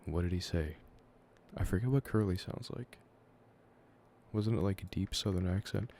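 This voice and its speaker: A man's voice: low voice, moderate pace, pauses often, mellow, slight background noise. A young man casually chatting to his stream audience as he plays through a story game and reads its dialogue aloud.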